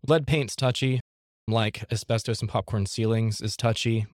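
A man's voice: lowish voice, fairly even intonation, normal speed, no echo, studio quality. A man who works as a home inspector, answering questions in a casual podcast interview in a practical, easygoing way.

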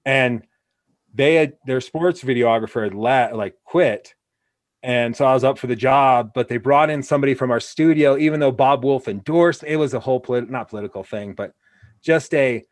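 A man's voice: medium pitch, moderate pace, no echo. A man from Wyoming hosting a casual interview, telling rambling anecdotes full of restarts. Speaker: podcast host.

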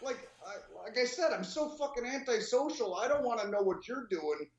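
A man co-hosting a podcast, telling stories in an animated, heated and profane way. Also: extremely high pitch, moderate pace. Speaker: co-host. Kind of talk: casual podcast storytelling. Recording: roomy, dull lo-fi sound.

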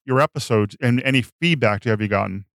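A man hosting a podcast interview, asking questions in quick, conversational chat. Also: mid-range voice, creaky, fairly bright tone, no room sound, clean studio sound. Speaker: podcast host.

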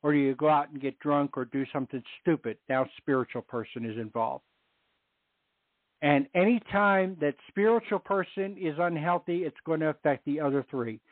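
A man's voice: a little high, normal speed, no echo. A middle-aged man on a Catholic radio show, sharing his story and teaching on faith in an earnest way, repeating phrases for emphasis. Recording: tinny phone line.

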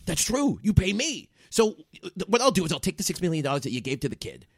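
A man voicing a scheming, bumbling male manager who rambles and bursts into shouting. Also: sits high, sing-song, fast talker, slightly rough, no room sound, clean studio sound, exaggerated voice.

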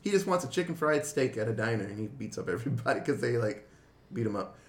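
Podcast host dude rambling thru a story, casual, mid voice. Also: male voice, mid-range voice, lively intonation, fast.

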